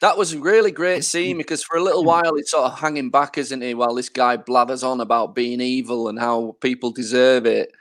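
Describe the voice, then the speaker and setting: A man's voice: mid-range voice, steady tone, brisk, few pauses, fairly bright tone, no room sound, studio quality. A man, casually chatting as a podcast co-host and acting out scenes in silly voices. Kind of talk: casual chat.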